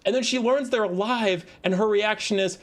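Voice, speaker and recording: A man giving casual commentary on a strategy game, talking in animated, ranting bursts. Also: high voice, moderate pace, creaky. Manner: animated, ranting, exasperated outbursts. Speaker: game caster.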